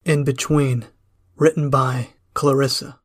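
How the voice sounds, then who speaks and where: A man giving dramatic, measured narration of a first-person horror story, grim and drawn out. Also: mid-range voice, flat delivery, breathy edge.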